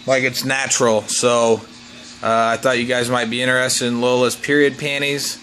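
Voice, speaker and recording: A young man chatting casually in a home vlog, joking and talking to his pets in a high excited voice. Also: normal speed. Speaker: vlogger.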